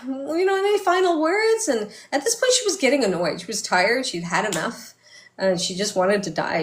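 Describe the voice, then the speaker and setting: Middle-aged woman vlogging a personal story, soft and halting, lots of ums and restarts, echoey room. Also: mid-range voice.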